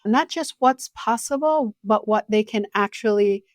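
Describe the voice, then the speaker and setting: A woman's voice: medium pitch, measured pace, no room sound, clean studio sound. A woman co-hosting a podcast who affirms and thanks the guest in an encouraging way. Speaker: podcast co-host. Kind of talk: interview hosting.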